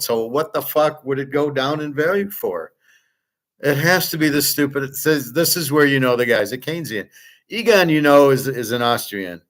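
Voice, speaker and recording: A man holds forth on his own show in a blunt, rambling monologue. He swears freely and mocks the people he disagrees with. His voice sits at an ordinary middle pitch. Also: fairly bright tone. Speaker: host. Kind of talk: opinionated monologue.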